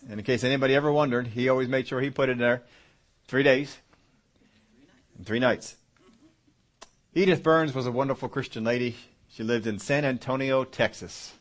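Man preaching with emphatic repetition. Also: medium pitch. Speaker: pastor. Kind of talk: sermon.

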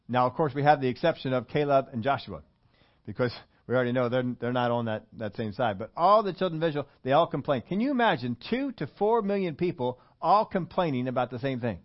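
A man's voice: fairly high pitch, lively intonation, brisk, muffled recording. Man preaching a conversational sermon. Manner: conversational preaching, questions to the congregation. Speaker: pastor.

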